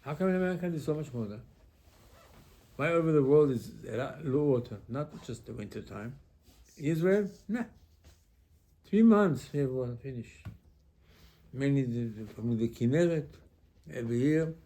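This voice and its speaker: Male rabbi, conversational Torah teacher, warm mellow tone, halting phrasing. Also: medium pitch. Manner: conversational, asks rhetorical questions. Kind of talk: informal Torah class.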